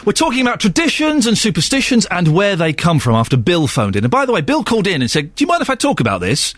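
A man's voice: sits high, wildly swooping pitch, quick pace, fairly bright tone, no room sound. A man hosting a phone-in radio show, playful and jokey with guests and callers. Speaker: radio host. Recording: radio broadcast studio.

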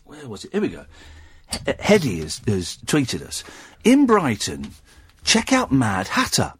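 A man's voice: mid-range voice, wildly swooping pitch, unhurried, husky, no echo. A middle-aged man hosting a late-night radio phone-in, jokey and rambling with mock indignation. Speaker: radio host. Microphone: studio mic.

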